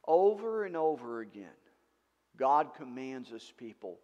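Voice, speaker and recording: A male pastor preaching a sermon in an animated way, with rhetorical questions and emphatic outbursts. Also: medium pitch, unhurried, long reverb tail, dull audio. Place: church sanctuary.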